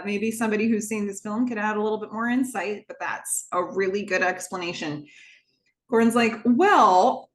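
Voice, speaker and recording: A woman hosting a podcast, chatting enthusiastically as she recaps a TV episode and acts out bits of its dialogue. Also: lowish voice. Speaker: podcast host.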